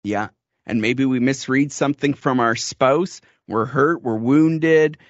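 Man, mid-pitched, reflective, quick to laugh; dry, muffled recording. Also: no room sound. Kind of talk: casual chat about marriage.

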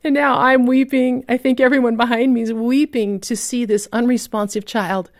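A woman's voice: on the high side, fairly even intonation, normal speed, no echo. Heartfelt woman storyteller, dry close sound. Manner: vivid, heartfelt storyteller, drops to a hush at moving moments. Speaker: guest author. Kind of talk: emotional storytelling in a radio interview.

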